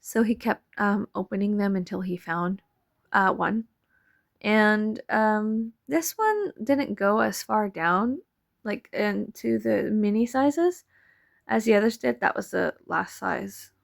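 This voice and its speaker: Gravelly woman rambling in casual voice-over. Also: mid-range voice, expressive, slow. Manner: rambling, swears casually, laughs often. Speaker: vlogger. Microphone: voice-over mic.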